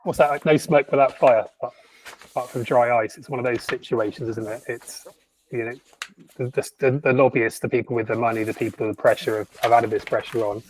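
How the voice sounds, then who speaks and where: A man co-hosting a podcast in casual chat, animated and sardonic, stumbling through frequent restarts. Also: medium pitch, fairly quick, slight background noise, poor audio. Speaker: podcast co-host.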